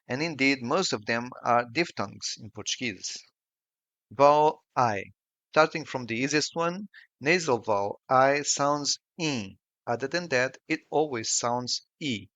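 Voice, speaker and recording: A man narrating a scripted language lesson in a slow, careful, explanatory way. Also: mid-range voice, bright, forceful tone, no echo. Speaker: language teacher.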